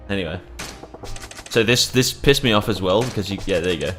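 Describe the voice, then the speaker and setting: A man's voice: low voice, fairly quick, fairly bright tone, soft background music. A young man giving casual, joking let's-play commentary, rambling and swearing freely as he plays. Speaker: gameplay commentator.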